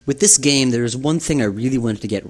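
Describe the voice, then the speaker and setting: A game developer from New York giving a rambling commentary, full of fillers and restarts. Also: male voice, mid-range voice, fast talker.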